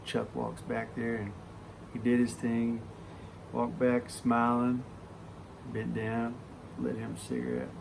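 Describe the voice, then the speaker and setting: Gravelly, profane male storyteller. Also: mid-range voice, takes it slowly, a little hiss or hum. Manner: profane, animated raconteur. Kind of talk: casual spoken storytelling.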